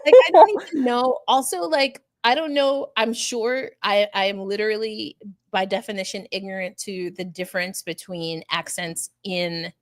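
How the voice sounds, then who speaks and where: A woman from New York City co-hosting a live sports podcast, chatty and animated, with nerdy asides and quick self-corrections. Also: mid-range voice. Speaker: podcast co-host. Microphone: remote streaming setup.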